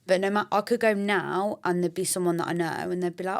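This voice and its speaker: A woman's voice: lowish voice, quick pace, vocal fry. Chatty young woman telling gym stories. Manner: chatty, animated storyteller acting out quoted dialogue. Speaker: podcast guest. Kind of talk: casual chat.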